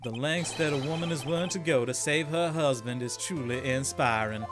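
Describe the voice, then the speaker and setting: A man voicing a haughty, theatrical gentleman detective, reading game lines in a slow, grandiose way. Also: fairly high pitch, music in the background, lightly acted.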